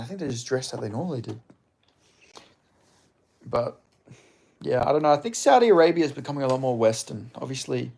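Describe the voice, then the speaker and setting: A man's voice: medium pitch, animated, a little fast, vocal fry, pauses often. Casual, profane Australian young man. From Western Australia. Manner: rambling and profane, with frequent fillers and chuckles. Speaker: MMA commentator reading live chat. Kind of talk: casual livestream chat.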